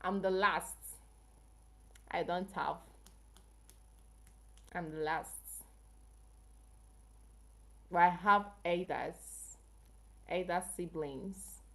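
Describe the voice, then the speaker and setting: A woman's voice: on the low side, extremely slow, long pauses, fairly bright tone. A woman from Africa hosting a casual health livestream, chatting with viewers and asking them questions. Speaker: health channel livestream host.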